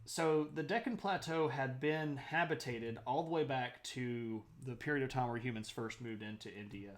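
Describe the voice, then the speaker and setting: A man's voice: mid-range voice, moderate pace. A man streaming a casual history lecture, chatty, greeting viewers and laughing often.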